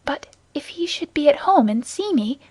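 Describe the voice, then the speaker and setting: Woman reading frightened young woman, urgent pleading tone, higher voice, dry close audiobook sound. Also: animated, moderate pace, a little mellow, no room sound.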